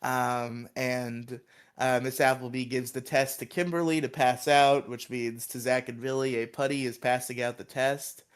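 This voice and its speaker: A man's voice: mid-range voice, steady tone, moderate pace, clear, resonant tone. A man co-hosting a podcast, recapping a TV episode in a rambling, giggly way with lots of fillers. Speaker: podcast co-host.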